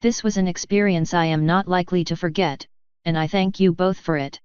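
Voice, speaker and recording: A formal, measured male changeling in pony disguise, read by a woman in her own lowish voice. The delivery is calm and smooth over a dry, slightly dull recording. It comes from a storybook reading. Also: no room sound, natural voice. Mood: content.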